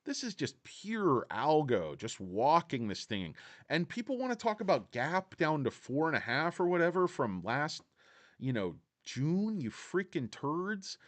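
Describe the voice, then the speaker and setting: A man's voice: fairly high pitch, big pitch swings, normal speed, a bit bright. A man hosting a casual stock market livestream, brash and profane, talking to viewers and reading their chat.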